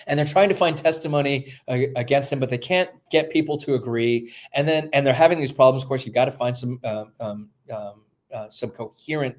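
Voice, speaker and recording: A man's voice: mid-range voice, fairly quick. A male New Testament scholar, a podcast guest, explaining texts step by step while thinking aloud with many fillers and restarts. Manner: lecturing, walks through texts step by step.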